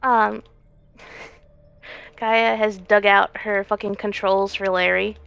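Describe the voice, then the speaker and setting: A woman's voice: mid-range voice, flat delivery, slow pace, gravelly, a bit bright, smooth. A woman playing a tabletop role-playing game, brash, sweary and playful. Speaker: player. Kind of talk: casual tabletop game chat. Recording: dull lo-fi stream mic.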